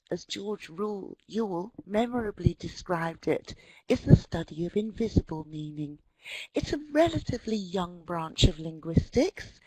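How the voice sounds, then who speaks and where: Lively husky woman giving a lecture. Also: medium pitch, no room sound, rough recording. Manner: lively storytelling, acts out quotes. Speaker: webinar presenter. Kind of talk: online lecture on language.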